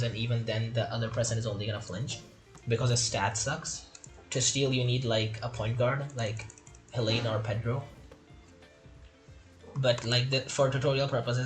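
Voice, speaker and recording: A man with a mid-range voice chats casually while playing a game's tutorial, offering commentary and reading its tips out loud.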